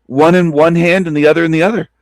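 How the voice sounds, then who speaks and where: A man's voice: fairly high pitch, steady tone, quick pace, no room sound. A man hosting a stream, giving mocking, incredulous commentary on a clip and laughing often. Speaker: stream host reacting to a video clip. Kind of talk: casual reaction commentary.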